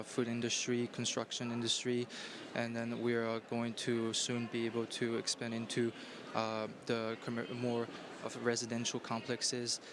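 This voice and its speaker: A man start-up founder answering panel questions, halting with fillers. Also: medium pitch, noisy background.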